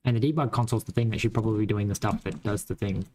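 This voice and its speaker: A man's voice: lowish voice, racing, noisy background. Rambling man with a mild West Australian accent. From Western Australia. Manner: rambling, thinks aloud, swears casually. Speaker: game developer streaming his coding. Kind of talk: casual live-coding chat.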